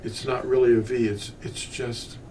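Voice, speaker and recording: A man's voice: medium pitch, level tone, normal speed, a little mellow. An older man teaching about scripture in a meandering, unscripted way, often restarting his sentences. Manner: meandering, with frequent restarts and asides. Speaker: bible teacher. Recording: distant mic with faint ambient noise.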